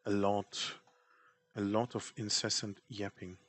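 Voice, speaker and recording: Low-voiced guy mumbling along while he draws, rambly, pokes fun at his own sketch. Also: flat delivery, unhurried, slight background noise. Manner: rambling, self-deprecating. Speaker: artist streamer. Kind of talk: casual chat while drawing.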